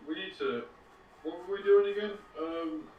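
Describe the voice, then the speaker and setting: Joking, swearing player. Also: male voice, sits high, normal speed, muffled recording. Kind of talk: casual tabletop game chat. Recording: echoey room, from a distance, faint noise.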